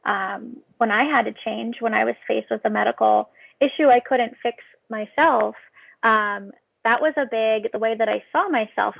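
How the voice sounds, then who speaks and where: A woman with a higher, gravelly voice, reflective and thinking aloud, often pausing with an um. She comes through a dry, tinny phone-like line with no room sound. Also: no echo. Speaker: guest, fitness trainer. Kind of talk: casual conversational webinar talk.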